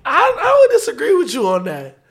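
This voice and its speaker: High-voiced young man, joking and argumentative. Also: huge pitch swings, fairly quick. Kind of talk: casual chat.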